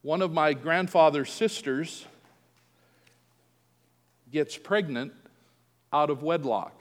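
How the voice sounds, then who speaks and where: A man's voice: fairly high pitch, slow pace, big-room sound. A man preaching a sermon, telling a family story and acting out the quoted voices. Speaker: pastor.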